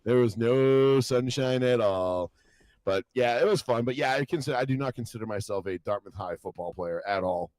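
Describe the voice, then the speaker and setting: A young man co-hosting a podcast, rambling through stories in casual chat, swearing a lot and acting out what people said in lively voices. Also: mid-range voice, normal speed, no echo. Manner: rambling storytelling, heavy swearing, animated quoted voices. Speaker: podcast co-host.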